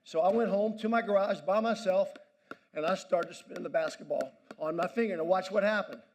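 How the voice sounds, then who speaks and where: Speaking a little fast in a high voice, this man fires up a banquet audience with a commanding, energetic motivational talk aimed right at the crowd.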